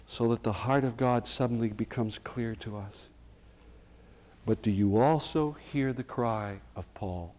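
A middle-aged male pastor preaching a sermon to his congregation, going from hushed and slow to loud and emphatic. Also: mid-range voice. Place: church sanctuary. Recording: reverberant church hall.

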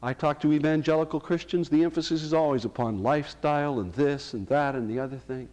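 A middle-aged male pastor preaching a sermon to his congregation, going from hushed and slow to loud and emphatic. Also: a little high. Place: church sanctuary. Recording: reverberant church hall.

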